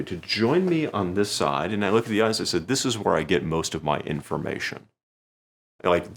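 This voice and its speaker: A man with a low, deep voice walks through how he performs a routine, talking casually and plainly. Now and then he jumps up in pitch to act out what he says on stage to the audience. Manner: conversational, acts out his stage lines with lively pitch jumps. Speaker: magician teaching a routine. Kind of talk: instructional talk.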